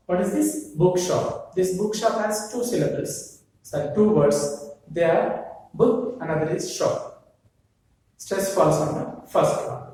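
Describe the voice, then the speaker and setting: A male English lecturer with an Indian accent talks at an unhurried pace, repeating key words and posing rhetorical questions to his class. His voice sits somewhat high. The sound is very reverberant and distant, as if picked up from across a bare room. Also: darkish tone. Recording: very echoey room, voice far from mic.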